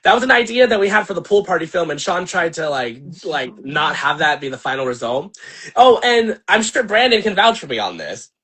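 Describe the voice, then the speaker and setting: A young man venting in a casual livestream rant, animated, profane and rambling with lots of fillers. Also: on the high side, brisk, husky. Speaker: channel host and filmmaker.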